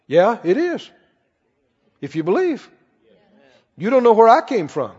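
A man's voice: very high voice, big pitch swings, a little slow, pauses often, a little mellow, husky. A male pastor preaching a sermon, emphatic, repeating phrases and quoting scripture. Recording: echoing hall, dull lo-fi sound.

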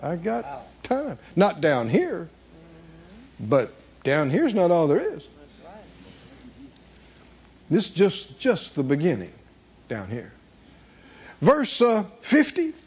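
A male pastor preaches in a high, animated voice that swings widely in pitch. He reads scripture aloud and throws rhetorical questions to the congregation. The sound is dull and lo-fi, as if taped in a church. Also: takes it slowly, pauses often, husky. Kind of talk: sermon.

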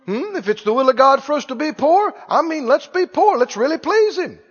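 High-voiced, animated male preacher. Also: brisk. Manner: animated, emphatic, repeats key lines. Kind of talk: sermon. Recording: long church reverb, dull lo-fi sound.

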